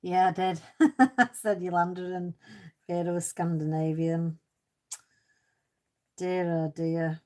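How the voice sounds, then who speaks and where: Woman hosting a cosy live stream, slightly low voice, relaxed and chatty. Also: slow, pauses often. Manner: chatty, reads out and answers viewers' comments; self-deprecating, laughs easily. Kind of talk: casual chat while colouring.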